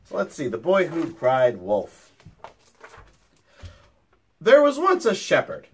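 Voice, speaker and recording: A teacher reading a picture book aloud to young children, with chatty asides to them. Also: male voice, a little high, wildly swooping pitch, slow, slightly rough. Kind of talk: storytime read-aloud.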